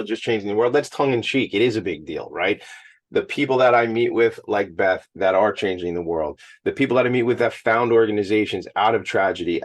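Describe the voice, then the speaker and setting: New guy hosting a podcast, talks fast, low voice, gushy and excited. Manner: enthusiastic, effusive, emotional. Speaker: podcast host. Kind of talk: lively interview chat. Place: at a school event.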